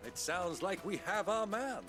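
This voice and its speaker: A man's voice: sits high, animated, measured pace, over music. A man voicing the polite young male hero of a video game, speaking formally. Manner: courteous, formal.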